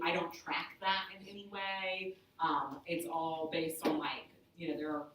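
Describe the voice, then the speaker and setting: A woman who works as a sign language interpreter, telling stories to a group in a chatty, animated way with lots of "like". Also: sits low, a little hiss or hum. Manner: animated, chatty, heavy use of "like". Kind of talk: casual storytelling to a group. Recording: echoey room, voice from far off.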